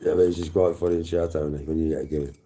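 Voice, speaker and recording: A man's voice: very deep voice, little pitch movement, fast talker, mellow. A man hosting a casual chat, teasing his guest in a laid-back, easygoing way.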